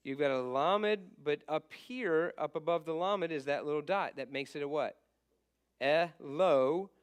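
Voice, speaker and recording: A man with a fairly high voice leads a casual lesson. He asks the class questions and then answers them himself. He stays patient and apologizes when he trips over his own material. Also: normal speed, smooth. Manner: patient, stops to fix slips and apologizes. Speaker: teacher.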